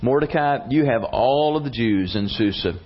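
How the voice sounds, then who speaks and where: A man's voice: mid-range voice, moderate pace, lightly acted. A man voicing a young queen, speaking in an earnest, determined way on a dull lo-fi recording. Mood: resolute.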